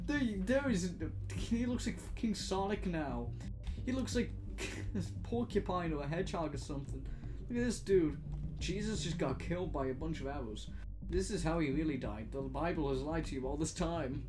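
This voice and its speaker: A young man giving excitable, casual commentary while playing a video game, often laughing and swearing. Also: on the high side, unhurried. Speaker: gaming commentator. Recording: music playing behind.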